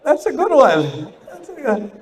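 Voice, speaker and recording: Animated man telling funny stories. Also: extremely high pitch, a little slow, some chatter behind, low-quality recording. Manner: animated, acts out quoted voices. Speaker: Islamic speaker. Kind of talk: humorous lecture storytelling.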